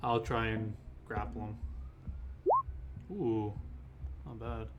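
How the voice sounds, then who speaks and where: A man playing a tabletop game in a laid-back, flat way, with mild swearing. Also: on the low side, slow pace, lo-fi sound, background noise. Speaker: player.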